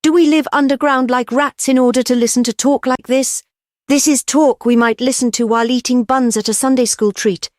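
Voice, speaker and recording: A narrator voicing a fiery young male anarchist orator who declaims in a loud, high, raised voice. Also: brisk, no echo, clean studio sound, close to an everyday voice. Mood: thundering. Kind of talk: audiobook reading.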